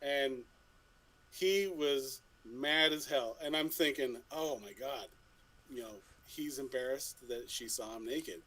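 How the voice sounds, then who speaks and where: A man's voice: mid-range voice, slow pace, pushed and bright, low-quality recording. A man co-hosting a podcast who tells a story in a casual, rambling way, often restarting his sentences and swearing now and then. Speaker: podcast co-host.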